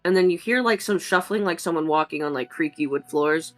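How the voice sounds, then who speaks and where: A woman's voice: lowish voice, brisk, soft background music. A woman narrating as game master of a tabletop game, chatty and full of "um"s. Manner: chatty, many "um"s and "like"s.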